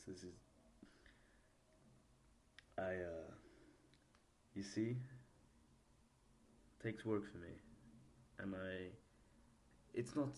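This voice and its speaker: A man hosting a solo podcast, thinking aloud in a halting, rambling way with many restarts, his voice a little posh and nasal. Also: low-pitched, creaky, a little mellow. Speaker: podcast host. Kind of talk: solo reflective podcast monologue.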